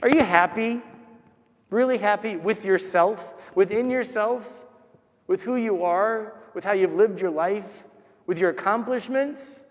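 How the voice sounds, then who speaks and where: A man's voice: sits high, a little slow. A man preaching a sermon as a priest, telling stories and acting out the voices he quotes. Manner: storytelling, acts out the voices he quotes. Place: large church. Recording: long church reverb.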